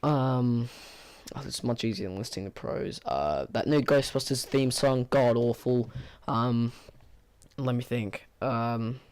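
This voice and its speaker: A man with a hoarse, tired voice giving a casual spoken movie review, rambling with many fillers and restarts in a flat, bored-sounding way. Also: medium pitch, slow pace.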